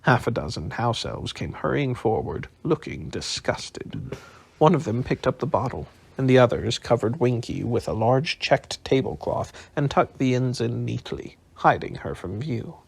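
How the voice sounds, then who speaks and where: Slow, husky bedtime storyteller man. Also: mid-range voice. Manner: calm, unhurried reading. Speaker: audiobook narrator. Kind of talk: bedtime audiobook narration.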